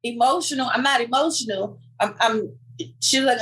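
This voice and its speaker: A woman with a slightly high voice speaks quickly on a rough recording. Co-hosting a podcast in casual chat, she animatedly retells what other people said, acting out the clips with quoted voices.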